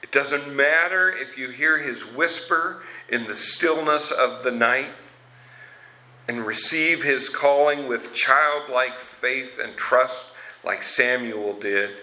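A man's voice: mid-range voice, pushed and bright, rough recording. A man preaching a sermon, retelling scripture stories in an earnest way with casual asides. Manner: slow, earnest storytelling with asides.

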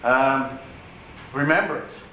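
A man's voice: medium pitch, very slow, pushed and bright, a little hiss or hum. A man preaching a sermon in a conversational, teaching way, with asides to the congregation. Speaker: pastor. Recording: echoey room, distant mic, faint ambience.

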